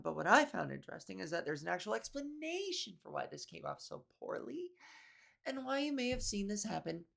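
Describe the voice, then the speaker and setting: Gravelly-voiced woman comedian rambling. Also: fairly low pitch, fairly bright tone. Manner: rambling, profane, with frequent restarts and asides. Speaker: comedian and podcast host. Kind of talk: casual comedic monologue.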